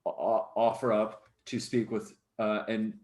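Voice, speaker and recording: A tabletop game player who speaks haltingly with many restarts, playful in character. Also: medium pitch, flat delivery, darkish tone, reverberant.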